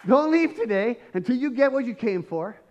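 A male pastor preaches a sermon in a fairly high voice. He is emphatic and swells into shouts, and he keeps checking in with his listeners with quick questions. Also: animated, dull audio. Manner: emphatic, rising to shouts, asks the congregation questions.

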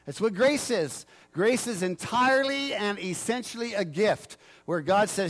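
A man's voice: high-pitched, lively intonation, unhurried, few pauses, fairly bright tone. A man pastor preaching a sermon in a conversational way, joking with the congregation.

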